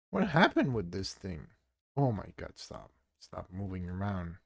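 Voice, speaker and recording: Low-voiced exasperated streamer guy. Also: sing-song, moderate pace, creaky, husky, no room sound, studio quality. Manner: exasperated, swearing, talks to the software. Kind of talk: live stream chatter while 3D modeling.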